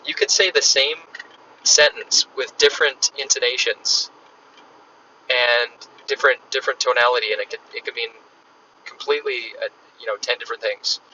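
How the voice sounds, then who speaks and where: A man's voice: mid-range voice, steady tone, moderate pace, pushed and bright. A man hosting a podcast, explaining ideas in a casual, conversational way while on the road. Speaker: podcast host. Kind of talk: casual solo podcast talk. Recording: distant, dull lo-fi sound with faint noise.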